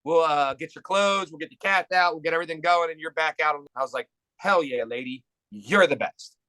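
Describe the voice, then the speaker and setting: A man telling a profane story with animated energy in a casual podcast chat. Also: on the high side, fairly quick, dry recording. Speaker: podcast co-host.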